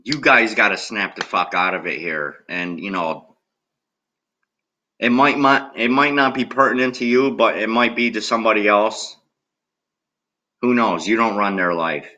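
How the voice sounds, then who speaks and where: A man's voice: lowish voice, a little slow, bright, forceful tone, highs cut off. A man ranting angrily to camera as a political video blogger, swearing constantly and addressing viewers directly. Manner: agitated, heavily profane, talks straight at viewers. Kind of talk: angry rant to camera.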